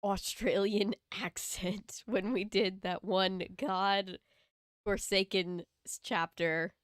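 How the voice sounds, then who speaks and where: A woman's voice: medium pitch, steady tone, takes it slowly, clean tone, dry recording, studio quality. A woman hosting a casual live stream, chatty and giggly as she wraps up a book reading. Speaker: stream host.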